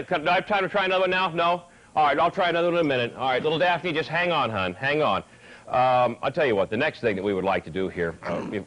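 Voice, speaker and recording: A man's voice: a little high, a bit bright, rough recording. A man hosting a parody talk show in a hammy, folksy way, stumbling over his words.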